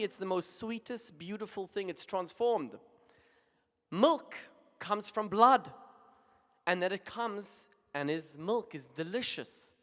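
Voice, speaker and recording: Brief: male rabbi, emphatic storyteller, high voice, long music-hall reverb. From Zimbabwe. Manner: animated joke-telling, emphatic. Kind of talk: storytelling sermon.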